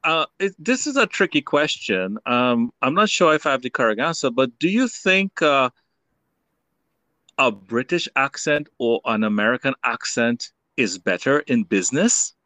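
A man hosts the interview, feeling his way through questions with frequent ums and uhs. His pitch is mid-range but very expressive. The recording is dry and close, with no room sound. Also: normal speed, no room sound. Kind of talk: conversational interview.

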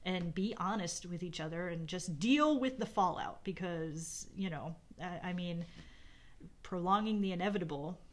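Middle-aged woman, low voice, reflective, rambling, casual chat with her spouse. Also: moderate pace. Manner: reflective, rambling with many fillers. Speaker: podcast co-host talking about her marriage. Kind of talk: casual conversation.

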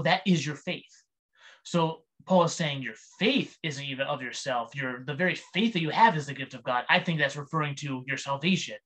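A man teaching on the Bible in a casual monologue, emphatic and argumentative, his pitch jumping up on key points. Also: a bit bright. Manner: mimics opponents in a mocking voice.

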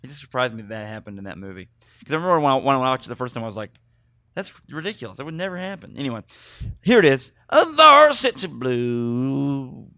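A man hosting a podcast, rambling in excitable, apologetic stories. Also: medium pitch, fast. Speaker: podcast host. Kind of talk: casual podcast chat.

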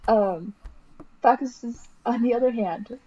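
A woman's voice: on the high side, slow pace, mellow. A woman co-hosting a podcast, chatting casually and sharing facts with filler words. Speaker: podcast co-host. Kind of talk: casual chat. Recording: slightly dull lo-fi recording with faint hiss.

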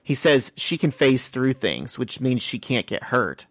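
Man, podcast co-host, casual comic recap, scene-by-scene storytelling, middle pitch. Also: sing-song, a bit bright, no echo. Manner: brisk storytelling, retells scenes step by step.

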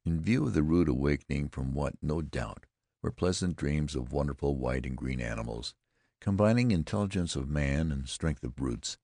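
A male audiobook narrator with an exceptionally deep, gravelly voice tells a first-person tale in a measured, deliberate way. The close microphone gives a dry, intimate sound with no room around it. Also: a little mellow, dry recording.

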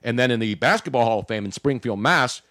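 Fast-talking chatty male sports host. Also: medium pitch, lively intonation, sharp tone, no echo, studio quality. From Philadelphia. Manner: chatty, rambling asides. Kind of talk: casual sports talk show chat.

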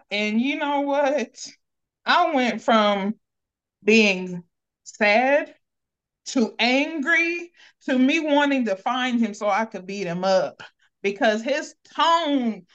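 A woman's voice: on the high side, animated, slow pace, fairly bright tone, highs cut off. A woman chatting on a podcast, retelling a story playfully with quoted voices. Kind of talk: casual chat.

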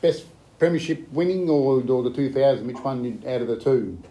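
A man's voice: mid-range voice, expressive, normal speed, mellow, roomy sound, low-quality recording. A man co-hosting a radio chat, asking plain, hesitant questions. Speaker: radio co-host. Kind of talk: casual radio interview.

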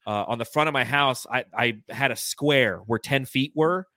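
This man, a Californian co-hosting an easygoing sports show, talks at normal speed with a medium-pitched voice. He tells his stories with animation and frequent laughter, and no room sound comes through.

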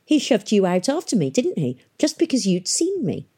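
Bitter teen girl, husky and curt; woman narrator voicing her. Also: medium pitch, huge pitch swings, normal speed, mellow, voice pushed up. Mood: scornful bitter. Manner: blunt, scornful, clipped. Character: scarred, bitter teenage girl, curt and hostile.

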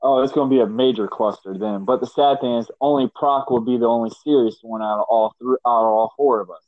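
A man hosting a casual podcast, telling stories with lively quoted voices. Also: mid-range voice, fast talker, no echo. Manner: animated storyteller, voices others in quotes. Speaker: podcast host. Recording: dry, dull lo-fi sound.

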